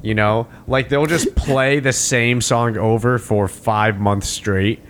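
A man in a casual film chat, rambling in an animated and exasperated way. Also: medium pitch, slow, background noise.

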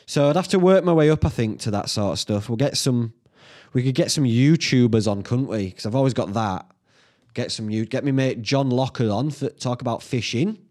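A man with a Northern English accent, hosting a solo podcast, thinking out loud in a sweary, self-mocking way. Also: medium pitch, lively intonation, brisk. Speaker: podcast host. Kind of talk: rambling solo podcast chat.

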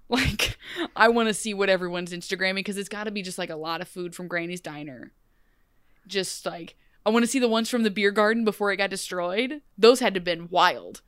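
A woman's voice: medium pitch, smooth, dry recording. Chatty woman, very dry sound. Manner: animated, talks in quick run-on restarts. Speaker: podcast co-host. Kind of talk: casual chat.

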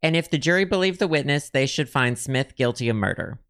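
A man's voice: on the high side, expressive, a little fast, a bit bright. A man co-hosting a casual podcast chat, reading old testimony aloud with a lifted, dramatic delivery. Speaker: podcast co-host.

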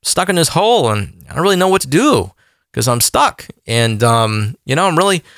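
Man putting on a high pleading man trapped in a hole. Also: sing-song, normal speed, fairly bright tone, no echo, clean studio sound. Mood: glum. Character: desperate man stuck in a hole.

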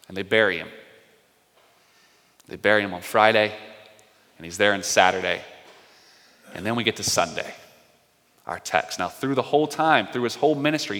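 Man, pastor, animated sermon storytelling, bright voice, reverberant hall. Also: on the low side. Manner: animated storytelling, acting out quotes.

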